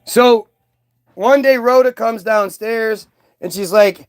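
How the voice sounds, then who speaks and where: A man's voice: high-pitched, fairly even intonation, unhurried, clear, resonant tone. A man hosting a livestream, ranting casually to his chat in a heated, profane way with many restarts. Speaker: livestream host. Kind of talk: casual rant to a live chat.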